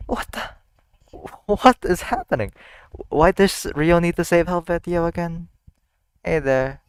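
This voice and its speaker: A man's voice: fairly high pitch, fairly even intonation, unhurried, smooth, no room sound. A man hosting an anime reaction, talking casually to the screen and blurting out startled exclamations and swearing.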